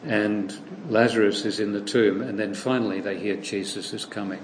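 A man preaching a sermon, retelling a story in a lively way and acting out the voices he quotes. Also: fairly low pitch, normal speed, echoey room, slight background noise, low-quality recording.

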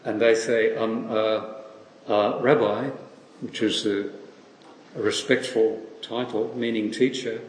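A man delivers a sermon at an unhurried, deliberate pace, pausing on rhetorical questions. His voice carries a long, roomy echo from a large hall. A faint ambience sits behind him. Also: fairly low pitch, little pitch movement, slight background noise. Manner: slow, reflective, with rhetorical questions. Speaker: preacher.

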